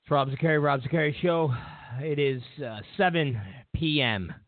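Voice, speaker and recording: A man's voice: fairly high pitch, moderate pace, no echo. A male talk show host telling a rambling story in a casual monologue, full of restarts and fillers. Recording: tinny phone-like line.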